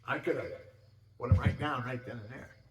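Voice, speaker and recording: An older man tells homespun stories about his house, his cats and hunting. He rambles, trips over his words and restarts often. His voice sits at an everyday middle pitch for a man. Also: brisk, background noise. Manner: rambling, folksy, many restarts. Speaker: home video maker. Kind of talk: casual storytelling.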